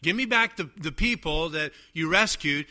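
A man's voice: on the high side, lively intonation, normal speed, bright, forceful tone. A man voicing an ancient king who offers to trade away the spoils, in an offhand, bargaining way.

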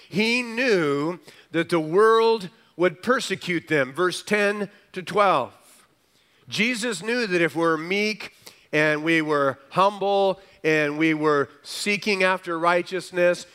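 A man preaching with emphasis, pressing on key phrases and turning back to them again and again. His voice is smooth and resonant and sits a little high for a man. He draws the congregation in with calls for an amen. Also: fairly bright tone. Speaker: pastor. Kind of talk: sermon.

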